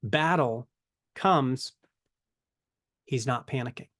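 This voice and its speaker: A man's voice: mid-range voice, slow pace, a bit bright. A man giving a casual Bible teaching to camera, conversational and full of rhetorical questions. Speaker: ministry teacher.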